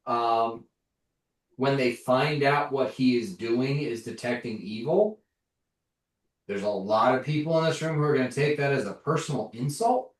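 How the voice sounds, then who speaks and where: A man running a tabletop game as game master, narrating haltingly with many fillers. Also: medium pitch. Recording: echoey room, distant mic.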